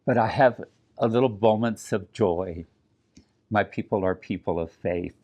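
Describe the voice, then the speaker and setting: A man's voice: fairly low pitch, lo-fi sound. Earnest older man telling a family story. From New Mexico. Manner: earnest, reflective, with pauses and restarts. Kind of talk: personal storytelling talk. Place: community event.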